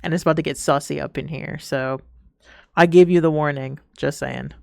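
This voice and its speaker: A young adult woman streaming a game, reading its text aloud between excitable, crude, giggly banter. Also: sits low, moderate pace, gravelly, no echo.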